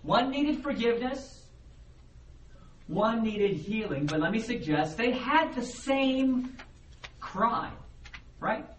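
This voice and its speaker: A man preaching a sermon as the pastor, in a conversational, animated way, and he acts out the voices of the people he quotes. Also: extremely high pitch, slow, long pauses. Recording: roomy echo, heard from a distance, faint background noise.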